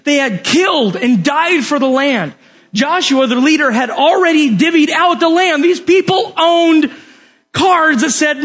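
A man's voice: very high-pitched, a little slow, fairly bright tone, faint music behind. A man preaching a sermon in a casual, joking way, talking straight to his listeners.

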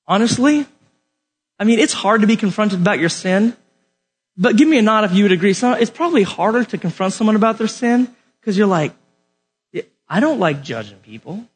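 A man's voice: sits high, fairly quick, breathy edge. A man preaching a sermon in a casual, joking way, talking straight to his listeners.

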